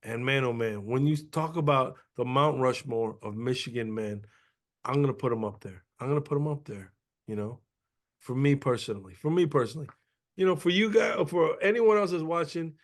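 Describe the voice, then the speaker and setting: A man's voice: mid-range voice, moderate pace. A man co-hosting a casual sports podcast, talking in a rambling, sentimental way with many restarts. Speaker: podcast co-host.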